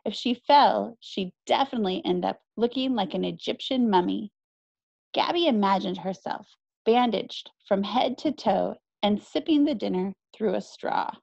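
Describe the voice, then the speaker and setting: Gravelly woman reading a story. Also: medium pitch, moderate pace, no room sound. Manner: expressive storytelling. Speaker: middle school teacher. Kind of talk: reading a children's novel aloud. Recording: dry, slightly muffled recording.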